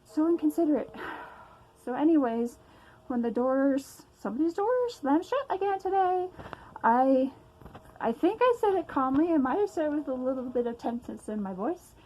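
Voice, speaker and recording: A woman's voice: sits high, lively intonation, normal speed, warm tone, a little hiss or hum, rough recording. A young woman ranting to camera at home, agitated and emphatic, often sighing and swearing. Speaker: vlogger. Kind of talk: casual personal rant to camera.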